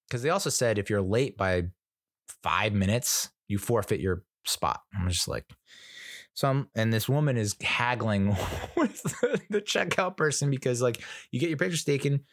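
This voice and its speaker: A man's voice: fairly low pitch, lively intonation, normal speed, no echo, clean studio sound. A middle-aged man telling a rambling, exasperated story in casual monologue, swearing freely and acting out what others said. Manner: rambling, exasperated, profane, acts out other people's lines. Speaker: podcast host.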